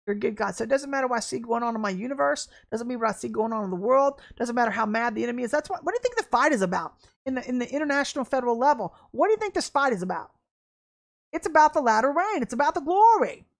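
A woman ministry leader preaching an online sermon, fervent and emphatic, with blunt, folksy talk and bursts of excitement. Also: fairly high pitch, quick pace, gravelly.

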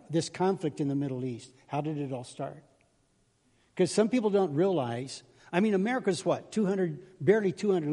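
A man's voice: fairly high pitch, darkish tone, slightly rough. An older man preaching as a pastor, chatty and self-deprecating, telling folksy jokes in a sermon. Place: church sanctuary. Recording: reverberant church hall.

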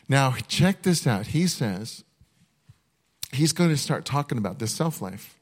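Male pastor preaching, earnest and chatty, lots of restarts, mid pitch. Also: animated. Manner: earnest and conversational, with repeated restarts; slows down to read a list one item at a time. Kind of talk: sermon.

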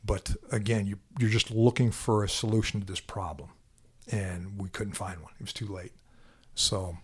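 Guy, lowish breathy voice, stops and restarts a lot telling a sad story. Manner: halting, repeats words, quiet and heavy then louder when animated. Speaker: interview guest, law enforcement officer. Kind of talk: emotional personal storytelling.

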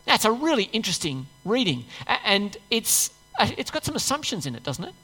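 Lively woman preaching in a reverberant hall. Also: medium pitch, brisk, husky, faint music behind. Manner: conversational, asks the congregation rhetorical questions. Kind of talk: sermon with Bible reading. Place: church. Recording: long church-hall reverb.

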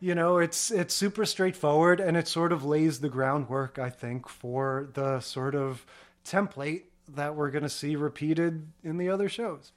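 A man co-hosts a casual podcast about old TV shows, his voice sitting a little higher than most men's. He gives relaxed, wry takes, padding his thoughts with "you know" and "I mean". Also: measured pace. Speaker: podcast co-host.

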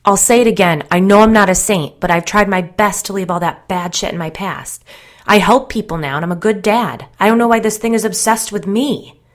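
A woman's voice: sits low, normal speed. A woman reading an audiobook, voicing a troubled, volatile young man who speaks anxiously and earnestly. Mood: agitated.

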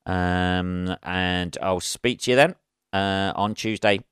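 A man's voice: low voice, slow, a bit bright, smooth, no room sound, clean studio sound. A man hosting a solo podcast, rambling through sweary, self-deprecating stories. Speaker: podcast host.

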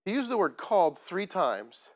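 Pastor guy preaching, voice on the higher side, super animated, talks to the crowd like friends. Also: normal speed. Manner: conversational, asks the congregation questions; plain-spoken, self-deprecating. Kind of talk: sermon.

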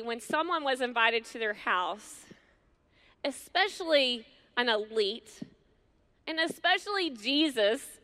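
A middle-aged woman preaching a sermon to women, earnest and conversational, with slow, emphatic pauses. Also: a little high, a bit bright, clean tone. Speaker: women's ministry speaker.

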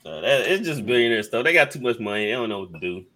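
A man hosting a casual sports podcast, laid-back and quick to laugh. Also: medium pitch, lively intonation, sharp tone. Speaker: podcast host.

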